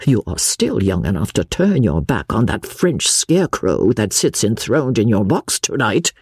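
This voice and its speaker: A woman voicing a bluff, coarse-mannered English noblewoman with blunt, loud bluster. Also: very deep voice, very animated, a little slow, breathy edge, no room sound, clean studio sound, full character voice. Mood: scornful.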